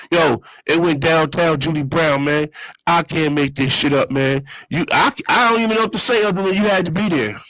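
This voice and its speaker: Man, casual monologue, street slang, repeats himself, somewhat high voice. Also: vocal fry, bright, forceful tone, no room sound, low-quality recording. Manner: streetwise slang, repeats phrases, loose storytelling. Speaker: show host.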